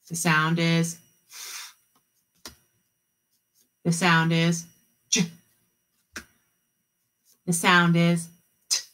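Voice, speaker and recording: A woman teaching an online kindergarten class, modeling letter sounds slowly and cheering the children on. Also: lowish voice, fairly bright tone. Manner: slow, encouraging, drawn-out sound modeling. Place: home, video meeting.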